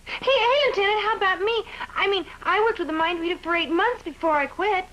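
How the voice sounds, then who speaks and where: An actress in a 1960s sitcom playing a wisecracking, ditzy Navy Wave. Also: female voice, very high-pitched, brisk, fairly bright tone. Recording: noisy old TV soundtrack.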